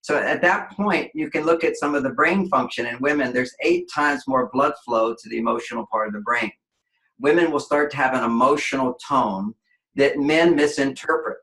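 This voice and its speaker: A man's voice: mid-range voice, moderate pace, fairly bright tone. A man guest on an interview show, explaining relationships in an expansive way and acting out quoted voices. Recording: echoey room.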